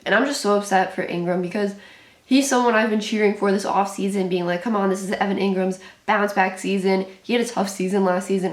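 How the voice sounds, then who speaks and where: A young sports channel host with a medium-pitched voice reacts live to a football game, sounding anxious and exclaiming as she often repeats herself. The audio is reverberant.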